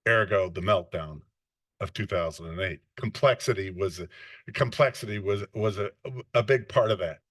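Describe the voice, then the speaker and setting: A man's voice: sits low, normal speed, fairly bright tone, slightly rough, no echo. A man giving an unscripted classroom lecture on finance, often restarting and correcting himself mid-sentence.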